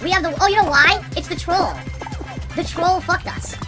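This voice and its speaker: A woman streamer playing a game live, excitable, yelping and swearing as she reacts. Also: very high voice, moderate pace, over music.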